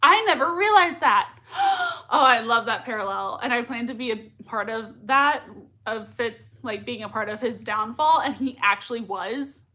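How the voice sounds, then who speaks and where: A young woman talks casually through a live watch party, her voice high and bright. She gushes over each comment, laughs easily, and fills her speech with loose fillers. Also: big pitch swings, slight background noise. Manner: gushing, quick to laugh, many fillers. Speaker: livestream reaction host.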